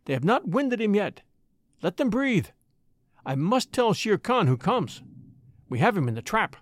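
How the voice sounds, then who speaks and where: A man voicing a young boy raised by wolves, urgent and quick to give orders in an audiobook story. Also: high voice, very animated, no echo, pitched above the performer's own voice. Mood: intent.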